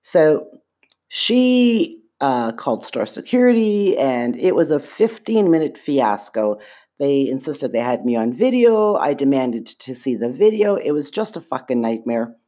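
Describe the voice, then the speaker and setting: A woman's voice: very deep voice, big pitch swings, unhurried, mellow. A woman hosting a podcast, telling a personal story in an indignant, emphatic way, with frequent swearing. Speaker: podcast host.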